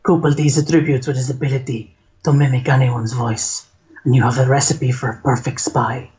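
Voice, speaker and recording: A man's voice: medium pitch, little pitch movement, fairly quick, a little mellow, lightly acted. A man putting on a suave Spanish-accented announcer voice, reading in a hammy, dramatic way, on a dull lo-fi recording.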